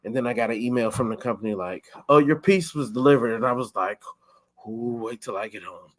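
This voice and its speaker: A man's voice: medium pitch, a little fast. A young man hosting a podcast, chatting casually and acting out his own thoughts as quotes. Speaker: podcast host. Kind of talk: casual chat.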